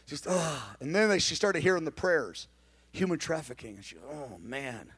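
A man preaching a sermon in an animated, emphatic way, sometimes shouting, with conversational asides and restarts. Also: fairly high pitch, normal speed, husky. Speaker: pastor.

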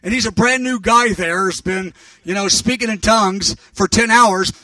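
A man preaching, telling a story in an animated, rambling way and correcting himself as he goes. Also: sits high, normal speed, no room sound, recorded from a distance. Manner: rambling, animated, self-correcting with fillers and restarts. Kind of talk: sermon storytelling.

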